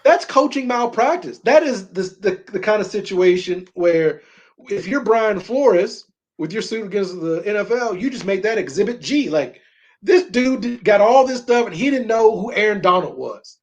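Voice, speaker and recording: A man's voice: sits high, lively intonation, moderate pace, a little mellow. A middle-aged man co-hosting a sports talk show, talking emphatically and repeating words when he gets fired up. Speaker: sports radio co-host.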